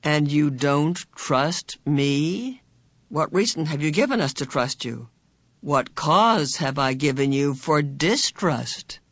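A narrator voicing a bland, sinister man on a chair who talks in a slow, smooth, patronizing way. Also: medium pitch, animated, fairly bright tone, no echo, heavily acted. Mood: probing. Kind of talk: audiobook character voice.

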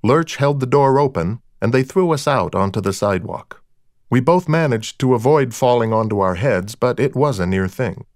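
A man's voice: medium pitch, expressive, normal speed, no echo. A man narrating a first-person crime story in a dry, wry storytelling manner. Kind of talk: audiobook narration of a crime novel.

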